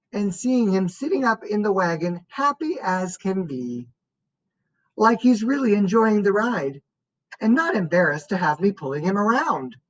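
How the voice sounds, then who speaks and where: A woman reading a first-person story aloud as an audiobook narrator, in a slow and expressive way. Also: medium pitch, low-quality recording.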